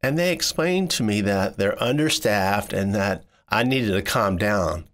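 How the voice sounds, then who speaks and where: A man tells a first-person life story in a fairly low voice. His delivery is animated, with wide swings in pitch. He lifts sharply higher whenever he quotes someone. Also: measured pace. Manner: expressive, jumps high when quoting people.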